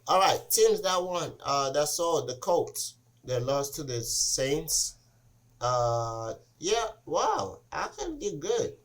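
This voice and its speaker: A man with a somewhat high voice hosts a relaxed sports podcast. He tells stories in loose, rambling runs. He acts out the quotes by jumping up in pitch. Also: slow. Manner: animated storyteller, acts out quotes with rising pitch. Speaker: podcast host. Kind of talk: casual sports chat.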